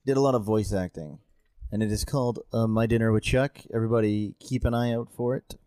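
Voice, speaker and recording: A man's voice: lowish voice, fairly quick, mellow, smooth, no echo. A man, an actor, casually telling a story in chat and laughing at himself now and then. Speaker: actor, podcast co-host.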